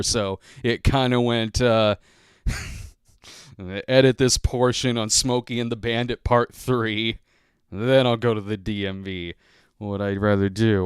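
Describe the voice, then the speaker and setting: A man's voice: fairly low pitch, clear, resonant tone, no echo, clean studio sound. A man hosting a podcast, telling a rambling, casual story with chuckles, sometimes acting out what others said. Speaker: podcast host.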